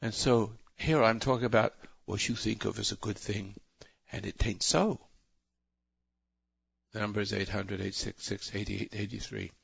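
A man's voice: fairly low pitch, fairly even intonation, moderate pace, creaky, a bit bright, breathy edge, no echo, muffled recording. A man hosting a call-in radio show, lecturing in a rambling, preachy way and often breaking off mid-sentence. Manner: rambling, self-interrupting, preachy. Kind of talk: talk radio monologue.

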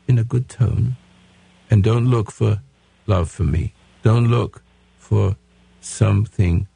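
A man's voice: lowish voice, creaky, warm tone, husky. A man in his eighties hosting a radio call-in advice show, lecturing his caller bluntly and restarting his sentences often. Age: 80s.

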